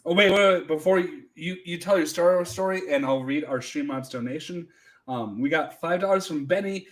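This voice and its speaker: A man's voice: on the high side, brisk. A man co-hosting a casual show, talking loosely and reading out donations. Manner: loose, swearing, reads donations. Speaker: podcast co-host. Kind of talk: casual chat.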